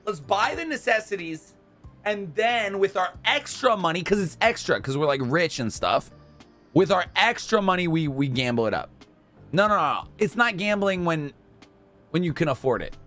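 A young man giving casual gameplay commentary, talking to himself and to in-game customers, swinging from mumbles to shouts. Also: sits high, expressive, moderate pace, soft background music. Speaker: gaming YouTuber.

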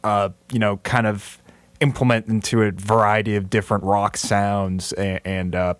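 A man, co-hosting a casual podcast chat, weighing his words with many fillers and pauses. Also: lowish voice, flat delivery, clean tone, no room sound. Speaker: podcast co-host.

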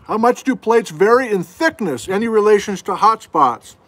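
His voice sits high, with lively intonation, a fairly bright tone, and a moderate pace. The speaker is a middle-aged geology instructor running a casual livestream from home, answering viewers folksily and joking about himself.

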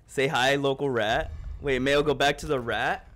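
A young man livestreaming a game in casual chat, excitable and joking as he thanks his chat. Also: mid-range voice, takes it slowly.

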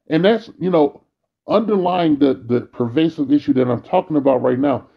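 A man rants into the camera in a bitter, worn-out monologue that is thick with cursing. His voice is gravelly and husky. The recording sounds dull and lo-fi. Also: on the high side, moderate pace. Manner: bitter, weary ranting, frequent cursing. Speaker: vlogger. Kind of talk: angry profane monologue.

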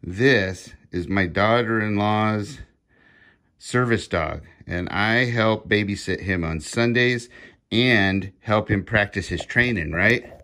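Middle-aged man, low voice, unhurried, warmly coaxing short commands like a home vlogger. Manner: slow, easygoing, praising a dog in short commands. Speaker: dog owner filming a training demo. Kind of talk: casual vlog, giving commands to a dog. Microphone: handheld camera he films himself.

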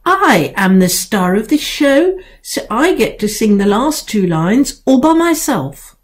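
Woman as show-off young boy, self-important, lively pitch, storybook. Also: slow. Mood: bossy.

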